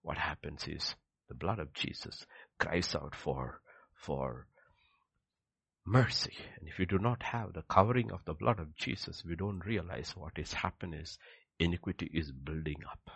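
A deep, gravelly male preacher delivering a sermon with a lively, rising-and-falling delivery. He drives his points home with rhetorical questions and swings between loud declarations and hushed asides, his voice husky and dry. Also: normal speed, no echo.

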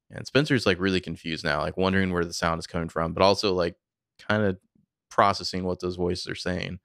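A man's voice: low-pitched, fairly quick, vocal fry, no echo, studio quality. A man co-hosting a podcast, recapping a TV episode casually with lots of fillers. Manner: conversational, filler-heavy, animated storytelling. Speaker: podcast co-host.

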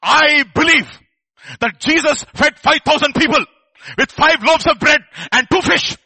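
A male preacher acting out a desperate man who shouts his belief at full force. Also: very high-pitched, unhurried, no echo, pitched above the performer's own voice, exaggerated voice, poor audio.

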